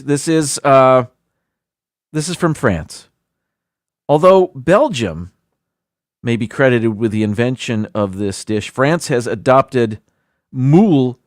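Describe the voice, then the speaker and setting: A man's voice: medium pitch, darkish tone, no echo, studio quality. A man hosting a casual livestream, reading a countdown list aloud with chatty asides and self-deprecating stumbles over foreign words. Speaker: livestream host.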